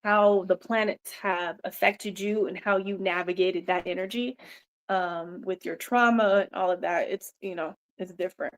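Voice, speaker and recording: A woman's voice: mid-range voice, steady tone, moderate pace. A woman hosting a casual livestream, rambling loosely with lots of swearing, laughter and "you know" fillers. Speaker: livestream host. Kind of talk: casual live-stream chat.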